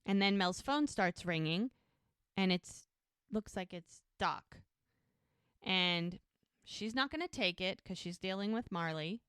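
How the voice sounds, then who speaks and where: A woman co-hosting a podcast, recapping a TV episode in a casual, animated way and acting out the characters' lines as she goes. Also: medium pitch, slow pace, clear, resonant tone, no echo, studio quality. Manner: animated retelling with quoted dialogue. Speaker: podcast co-host.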